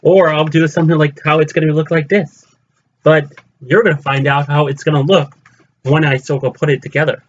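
A man's voice: a little high, little pitch movement, a little fast, slightly rough. Gushing man on a dull lo-fi recording. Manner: gushing, repetitive, addresses viewers as fellow fans. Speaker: collector vlogger. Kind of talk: excited unboxing vlog.

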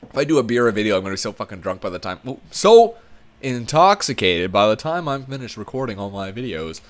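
Excitable young man calling his hockey game. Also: on the low side, a little fast. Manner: excitable, cursing, swings from muttering to shouting. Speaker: gaming YouTuber. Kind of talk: casual gameplay commentary.

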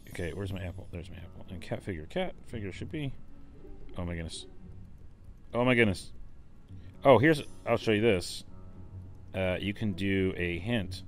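Deep-voiced chatty gaming man. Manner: chatty, enthusiastic, rambling. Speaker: let's play host. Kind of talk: casual game commentary.

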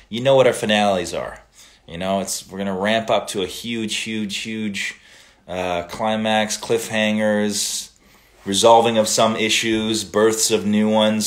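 A man with a fairly low pitch reads viewer greetings and comments during a casual livestream. He answers them in a relaxed way, sometimes switching to Italian phrases.

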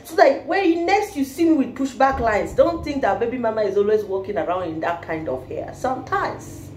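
A woman's voice: fairly high pitch, lively intonation, fairly quick, darkish tone. A woman from Kenya, vlogging in casual chat, playful and laughing often, mixing in Nigerian Pidgin phrases. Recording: roomy echo with faint background hiss.

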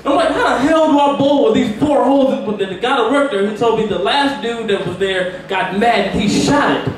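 A man's voice: very high voice, a little fast, noisy background. A man from Virginia doing brash, profane open mic stand-up comedy in a small pub, laughing at his own jokes. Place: small pub with a live crowd. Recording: echoey room from far off with crowd.

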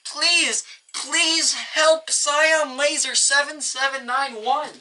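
A woman's voice: high voice, fairly even intonation, slow, pushed and bright, recorded from a distance. A young woman pleading in mock drama on a comedy video, recorded away from the mic. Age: teen or young. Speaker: youtuber. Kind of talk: comedic rant to camera.

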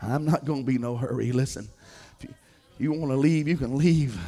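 A man preaching a Pentecostal sermon, building from low muttered lines to shouted, half-sung refrains full of repeated phrases and hallelujahs. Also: brisk. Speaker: pastor.

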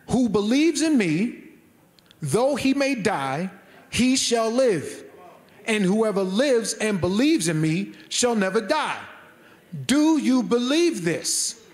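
Very high-voiced man preaching fervently. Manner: fervent, emphatic preaching with repetition. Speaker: church elder preaching. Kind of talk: sermon.

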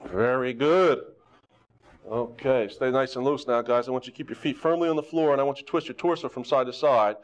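A man teaching karate who leads students through a warm-up, calling out exercises and teasing them with jokes. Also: medium pitch, a little fast. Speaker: karate instructor. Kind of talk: leading a warm-up on a local TV show. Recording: dull lo-fi TV studio sound.

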